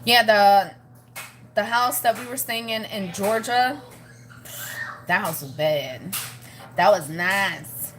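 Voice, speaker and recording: A woman's voice: medium pitch, slow, long pauses, a bit bright, a little hiss or hum. A woman vlogging in a rambling, chatty way, laughing often as she talks to her viewers. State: pregnant, with morning sickness. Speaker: family vlogger. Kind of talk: casual chat to camera.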